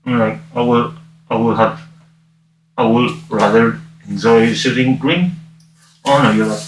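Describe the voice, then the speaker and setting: A man's voice: mid-range voice, measured pace, lightly acted. A man playing a wisecracking masked male antihero with a gun during a livestream, talking to viewers in a cocky, teasing way, his voice muffled by a mask. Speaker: cosplayer livestreaming. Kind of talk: in-character livestream banter. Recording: roomy, distant mic, noisy.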